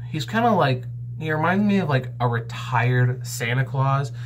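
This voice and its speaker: Young male vlogger with a mid pitch who tells a comic story with lots of energy. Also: a little hiss or hum. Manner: animated, excitable, jumps in pitch. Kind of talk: comedic storytelling.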